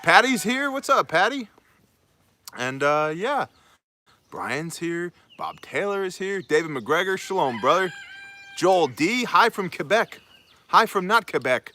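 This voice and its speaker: A man's voice: sits high, very animated, a little slow, sharp tone. A man hosting a casual outdoor livestream on a homestead, joking and upbeat as he greets viewers by name. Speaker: host of a live prepper show.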